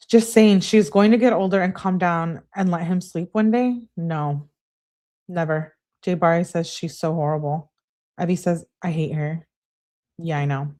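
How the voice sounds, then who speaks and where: A woman's voice: measured pace, mellow. A woman live-streaming, reading text messages aloud with heated emphasis and dropping to dry asides to comment and answer her chat. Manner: reads texts in a raised, heated voice and comments in a lower, dry aside; talks back to chat viewers. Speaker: true crime live streamer.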